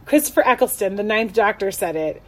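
A woman's voice: mid-range voice, expressive, fairly quick. A young adult woman co-hosting a podcast, gushing and laughing often, full of "like" fillers. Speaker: podcast co-host. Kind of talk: casual chat.

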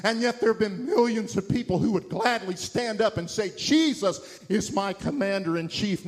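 A man's voice: high-pitched, moderate pace, few pauses. A middle-aged man preaching an evangelistic sermon, impassioned and building to emphatic peaks.

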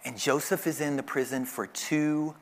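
A man with a fairly high voice delivers a church sermon. He tells the story vividly and jumps into quick acted voices for each character. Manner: animated storytelling, acting out voices. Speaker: pastor.

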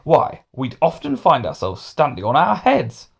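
A man's voice: mid-range voice, very animated, unhurried, vocal fry, slightly rough, exaggerated voice. A man voicing a flustered, fussy male schoolteacher who lectures a class. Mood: cross.

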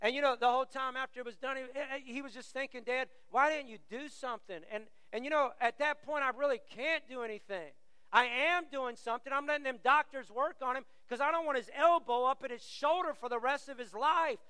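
A man's voice: very high-pitched, fairly quick, pushed and bright, clear, resonant tone, dry recording, long reverb tail. A middle-aged man preaching a sermon as pastor, telling stories with animation and acting out the voices he quotes.

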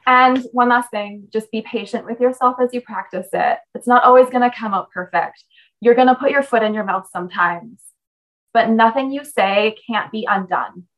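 A woman's voice: a little high, moderate pace, low-quality recording. A young adult woman coaching someone in a conversation, talking in an emphatic, direct and encouraging way.

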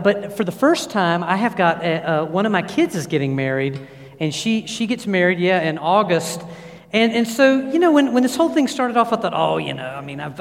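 A man in his fifties preaching over a church sound system. His voice sits high and his delivery is animated, full of fillers and restarts. A long reverb fills the sanctuary behind him. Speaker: pastor. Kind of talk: sermon with personal anecdotes. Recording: long reverb of a large hall.

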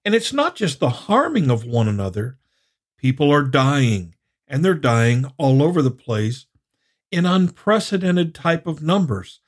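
Measured man teaching a Bible study. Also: on the high side, slightly rough. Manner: reads scripture aloud in a quoting voice. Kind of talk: sermon-style Bible study.

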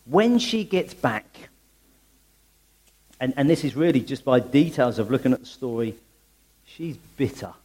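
A man preaching a conversational sermon in a church, full of rhetorical questions and quick restarts. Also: medium pitch, animated, darkish tone.

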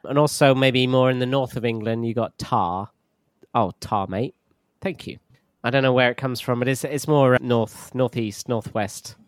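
A man explains colloquial words in a relaxed, conversational manner. He speaks at a mid pitch and briefly slips into the phrases he is teaching. The sound is dry and close, with no room echo. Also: normal speed, few pauses, clean tone. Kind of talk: casual explanation of slang.

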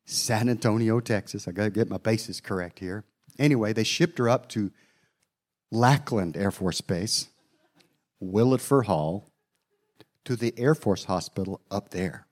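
A man's voice: on the low side, measured pace. Folksy middle-aged male preacher. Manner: folksy storytelling with spoken asides. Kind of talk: sermon storytelling.

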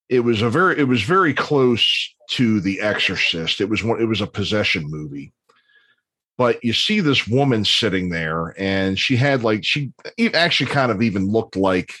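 A man's voice: fairly low pitch, a bit bright, dry recording. A man in his fifties telling long, rambling stories in casual chat, with plenty of ums and restarts. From Baltimore area, USA. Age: 50s.

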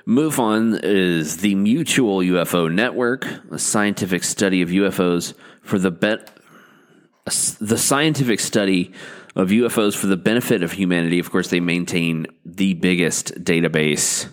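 A man hosting a comedy podcast, talking in a halting, deadpan way with many fillers and restarts. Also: low-pitched. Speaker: podcast host. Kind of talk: rambling comic podcast talk.

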